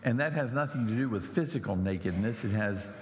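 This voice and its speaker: A man preaching a sermon in an animated way, his voice climbing high when he mocks. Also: fairly quick. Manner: animated, mocking voices rising high and loud. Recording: echoey hall with faint noise.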